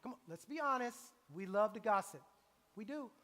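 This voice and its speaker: A middle-aged man preaching a sermon in a church, animated and acting out the voices he quotes. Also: high-pitched, moderate pace. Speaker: pastor. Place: church sanctuary. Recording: long church reverb.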